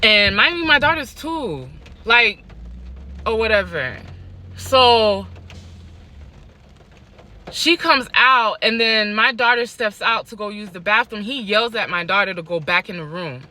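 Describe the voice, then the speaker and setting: A young woman tells her own story for a vlog audience, animated and emphatic, repeating phrases to drive them home. Her voice is very bright and sharp, sitting at an ordinary pitch for a woman. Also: a little slow, pauses often. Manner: animated, emphatic repeats, laughs between lines.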